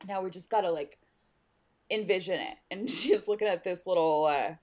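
A woman's voice: on the low side, normal speed. A woman co-hosting a podcast, retelling a book scene in casual chat and using "like" a lot. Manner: animated storyteller, uses "like" a lot. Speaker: podcast co-host.

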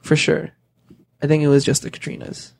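A man's voice: a little high, monotone, brisk, creaky, a little mellow. Man, podcast co-host, chatty, laughs a lot, casual sneaker talk. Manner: chatty, laughs often, many fillers.

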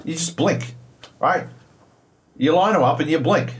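A man's voice: on the high side, a little slow. A young Australian man co-hosting a podcast, telling a story in a profane, exasperated way. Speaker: podcast co-host. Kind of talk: casual chat about video games.

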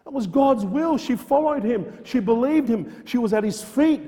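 A man's voice: extremely high pitch, lively intonation, normal speed, dark tone, big-room sound. A man preaching a sermon in a church, earnest and emphatic, repeating phrases and quoting old-style scripture. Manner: quotes King James scripture aloud.

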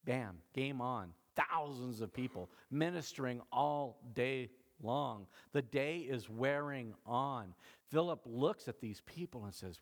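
A man preaching a sermon as pastor, animated and conversational, often laughing. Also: medium pitch, slow pace.

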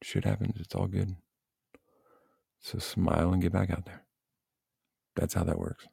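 A man with a deep, dark voice and heavy vocal fry gives youth baseball advice as a coach and parent. He vents bluntly and swears freely, in a casual, animated rant. The sound is dry and close. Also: unhurried, dry recording. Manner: blunt, profane, animated venting.

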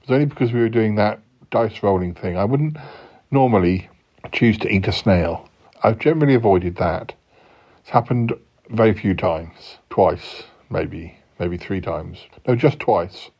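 A man voicing a gruff, low, manly yeti uncle who waffles on with lots of fillers and restarts, on a slightly dull recording. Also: unhurried. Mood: rambling.

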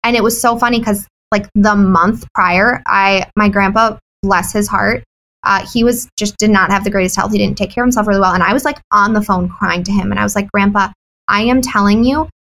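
A woman's voice: medium pitch, steady tone, brisk, a bit bright, low-quality recording. A woman who owns a wellness business, chatting candidly and animatedly as a guest in an interview. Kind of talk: casual interview chat.

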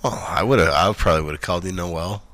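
A man's voice: deep voice, fairly quick, a crowd in the background. A man from Canada in casual chat, trading crude, teasing banter.

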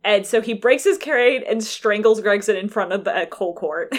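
A woman chatting casually, recapping a story game with quick, animated acted-out lines and frequent laughter. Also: medium pitch. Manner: animated, laughing, acts out characters in quick voices. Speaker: podcast co-host recapping a game. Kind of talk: casual chat.

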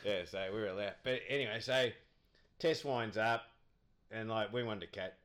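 A man's voice: fairly low pitch, unhurried, a bit bright. A man, a podcast guest telling cricket anecdotes in a rambling, chatty way, laughing often.

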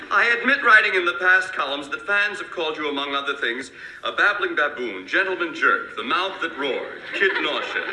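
An actor plays a fussy, exasperated man in an old sitcom, his voice pitched high and swooping through indignant protests. The sound is roomy, with hiss from an old broadcast tape and laughter behind. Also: distant mic, lightly acted. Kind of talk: 1970s sitcom acting.

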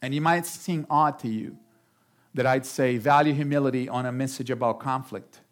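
A man preaching a sermon as pastor, talking in an animated way and jumping up in pitch for emphasis. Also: normal speed. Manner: animated, jumps high for emphasis.

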